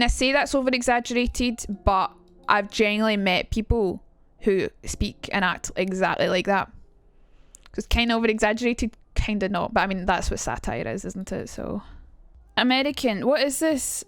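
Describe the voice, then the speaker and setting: A young woman with a Scottish accent chatting casually on a live stream, quick and swearing now and then. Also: medium pitch, no room sound. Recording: dry room, faint music.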